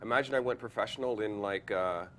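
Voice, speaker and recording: A man's voice: fast, fairly bright tone. Guy in his 40s telling wild stories on a podcast, does little voices, laughs a lot, faint hum behind. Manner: acts out quoted voices, jumps high in pitch, laughs often, many filler likes. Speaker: photographer guest. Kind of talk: animated storytelling in a podcast interview. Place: podcast studio.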